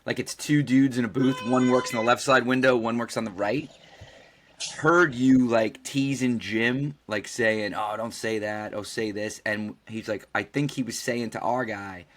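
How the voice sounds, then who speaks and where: A man's voice: mid-range voice, steady tone, measured pace, fairly bright tone, slight background noise. A man co-hosting a podcast, telling a story casually, acting out the quoted dialogue and swearing freely. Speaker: podcast co-host.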